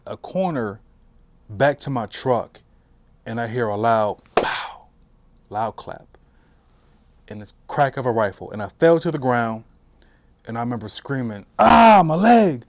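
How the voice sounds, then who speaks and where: A man in his forties, a veteran, telling his story for an oral history interview in a halting way with frequent restarts. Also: mid-range voice, no echo. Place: interview room.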